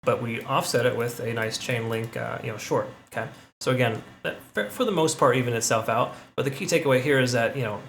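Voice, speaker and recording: A man talks quickly through trading charts in a casual, chatty way, hedging his calls and tagging on "okay?" to keep his viewers with him. His voice sits at an ordinary middle pitch, with a faint hum of room ambience behind it. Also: creaky, a bit bright. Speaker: crypto analysis channel host. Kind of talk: casual chart analysis talk.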